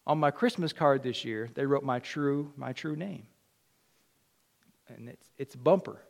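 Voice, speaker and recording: A middle-aged male pastor preaching a sermon, telling personal stories in an animated way, acting out quotes and dropping to a near whisper at times. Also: medium pitch, measured pace, gravelly.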